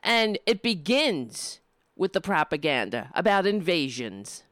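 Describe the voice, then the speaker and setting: A woman's voice: lowish voice, sing-song, a bit bright, no echo, studio quality. A woman giving an indignant opinion monologue, often stumbling and restarting as she builds her point. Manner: impassioned, indignant, with halting restarts.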